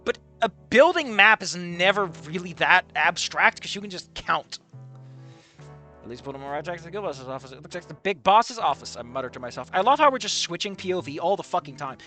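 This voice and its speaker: A man's voice: high-pitched, sing-song, a little fast, sharp tone, faint music behind. Sarcastic man reading aloud with jokes. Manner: sarcastic, swears a lot. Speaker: reader and commentator. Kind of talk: casual reading with commentary.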